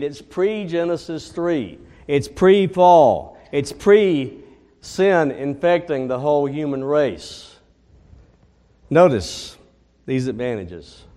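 A man preaching a sermon as pastor, slow and emphatic, repeating his key phrases. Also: on the high side, darkish tone, in a large hall.

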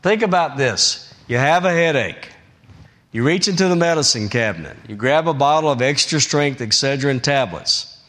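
A man preaching a sermon as pastor, emphatic and repetitive, swinging between raised high emphasis and low, quiet phrases. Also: expressive, moderate pace.

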